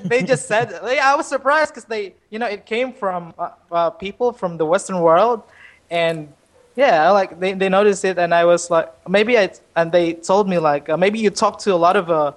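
A man chatting as a podcast guest, friendly and hesitant, with many restarts and pauses. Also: high voice. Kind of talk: casual chat.

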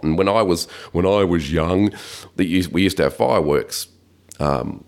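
An Australian man hosting a casual tech podcast, a bit croaky from hay fever, reading slowly and rambling in asides. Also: low-pitched. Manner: slow deliberate intro reading, rambling asides. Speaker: podcast host.

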